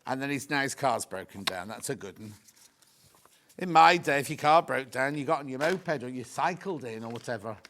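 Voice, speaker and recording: A man's voice: mid-range voice, expressive, normal speed, background noise. A middle-aged man presenting a live TV sales show, chatting in rambling, joking asides between prices. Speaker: shopping channel presenter.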